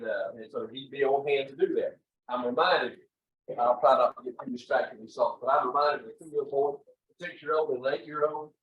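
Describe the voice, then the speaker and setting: A man in his seventies leading a training session as chaplain leader, talking in a rambling, folksy way full of uh's to an audience in a meeting room. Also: a little high. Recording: echoey room, from far off.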